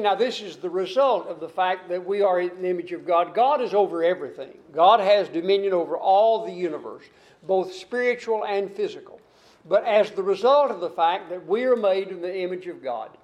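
An older American man preaches with a fairly high voice. He wanders between points, restarts phrases and stretches out the lines he wants to stress. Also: a little mellow. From United States. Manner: rambling, repeats words and restarts phrases, drawls key lines. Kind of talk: sermon.

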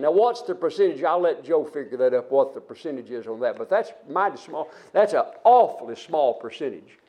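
High-voiced older man preaching folksy. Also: lively intonation, fairly quick, few pauses, warm tone. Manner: folksy storytelling with frequent restarts. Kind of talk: sermon.

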